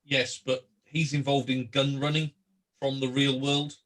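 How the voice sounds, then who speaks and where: A man's voice: mid-range voice, flat delivery, a little slow, fairly bright tone, close to an everyday voice. A man voicing a jolly Santa-like character who is now worried and earnest in a tabletop game.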